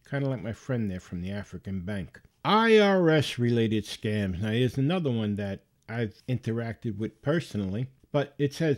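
A man at mid pitch hosting a casual podcast. He rambles and tells stories off the cuff, often starting a sentence over partway through. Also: a little mellow. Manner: rambling storyteller who restarts sentences. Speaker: podcast host.

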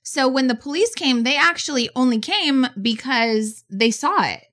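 A woman in her forties casually telling a story as a podcast host, animated and full of fillers. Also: high-pitched, moderate pace. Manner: animated, chatty, many "like" fillers.

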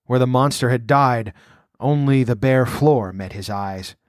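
A man reading a storybook aloud as narrator, measured and dramatic. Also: medium pitch, dry recording, studio quality. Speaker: audiobook narrator. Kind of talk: scripted narration.

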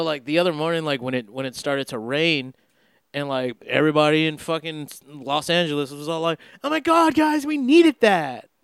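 A young man talks in a loose, meandering way, piling up filler words and swearing freely as he hosts a podcast. His voice sits a little high and comes through smooth and clear, recorded dry and close with no room sound. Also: dry recording. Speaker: podcast host. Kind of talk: casual rambling monologue.

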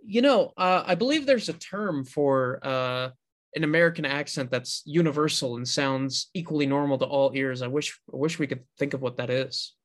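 A man's voice: mid-range voice, moderate pace. A man co-hosting a podcast in casual chat, with a dry, sarcastic sense of humor. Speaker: podcast co-host.

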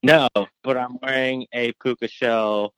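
A man's voice: medium pitch, little pitch movement, a little slow, fairly bright tone, smooth, dry recording. A young man in casual podcast chat, rambling and filling his talk with "like". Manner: rambling, filler-heavy with lots of "like". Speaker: podcast co-host.

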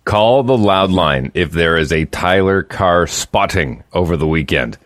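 A man hosting morning radio in a very low voice, chatting and joking with the audience. The sound is close and dry, straight from a studio mic with no room around it. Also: expressive, a little slow, a bit bright, dry recording. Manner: chatty, jokey, talks straight to listeners. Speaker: radio morning show host. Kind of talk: casual radio banter. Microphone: studio microphone.

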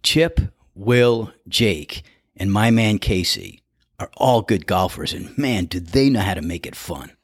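A man with a low voice spins a casual story about a round of golf with friends. His delivery swings widely in pitch as he acts out the other players, and he laughs his way through the punchlines. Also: animated, measured pace, breathy edge, no room sound, studio quality. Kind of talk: casual anecdote.

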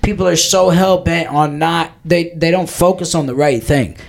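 A man's voice: a little high, moderate pace, vocal fry. A man co-hosting a podcast in casual chat, rambling and profane, full of "like" and "dude". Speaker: podcast co-host.

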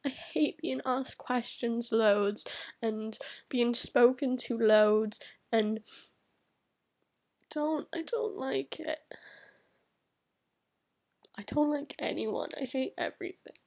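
Crying teenage girl, gravelly voice. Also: a little high, slow pace, long pauses, darkish tone. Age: teens. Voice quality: gravelly fry, often drops to a whisper. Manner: rambling, upset, venting in broken phrases. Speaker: vlogger. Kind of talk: emotional confessional vlog.

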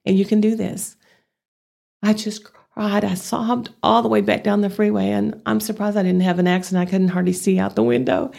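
Older Texas woman, low gravelly voice, earnest interview guest. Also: mellow. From Amarillo, Texas. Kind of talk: casual interview.

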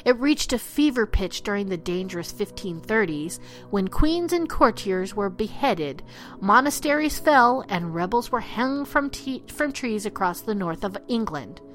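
A woman's voice: medium pitch, animated, a little slow, a bit bright, soft background music. A woman hosting a history podcast, reading dramatically and breaking into joking asides. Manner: reads dramatically, then drops into joking asides. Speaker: podcast host.

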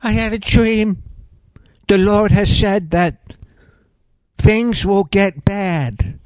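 Man doing a solemn woman prophet, higher voice, slow drawn-out words, dry sound. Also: no room sound, rough recording. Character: earnest woman prophet sharing a vague dream.

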